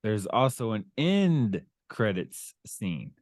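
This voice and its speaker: Middle-aged male podcast host, unhurried and rambling, dry close mic. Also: on the low side, sing-song, a little mellow, no room sound. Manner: rambling, searching for words. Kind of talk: casual chat.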